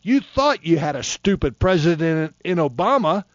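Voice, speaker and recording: A man's voice: fairly high pitch, very animated, normal speed, dry recording. A man in his fifties from Florida, preaching a fiery sermon in a folksy, impassioned way, in a dull, dry lo-fi recording. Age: 50s.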